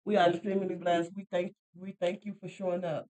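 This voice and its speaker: A woman's voice: on the low side, flat delivery, brisk, warm tone, low-quality recording. Chatty woman podcast co-host. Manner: chatty, repeats herself, laughs easily. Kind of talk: casual faith podcast chat.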